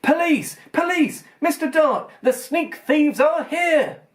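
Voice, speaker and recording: Storybook boy, flat and plucky, high-pitched when he yells for the police, a man voicing him. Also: fairly quick, natural voice. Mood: shouting alarm. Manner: shouts loud alarms, speaks low when sad.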